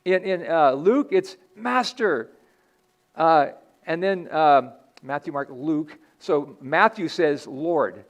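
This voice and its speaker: A man's voice: on the high side, slow pace, highs cut off. A man preaching a sermon in a church as pastor, earnest and conversational, often restarting his sentences.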